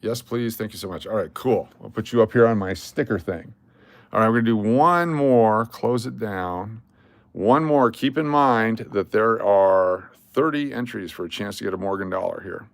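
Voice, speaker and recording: A man's voice: on the low side, moderate pace, gravelly, no echo. An older man hosting a casual livestream, rattling off lists of cards and chatting to viewers. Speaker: livestream host.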